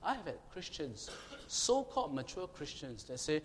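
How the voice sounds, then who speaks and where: A man preaching a sermon, emphatic and questioning his congregation, now and then shouting to make a point. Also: on the high side, very animated, normal speed. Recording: long hall reverb, faint room noise.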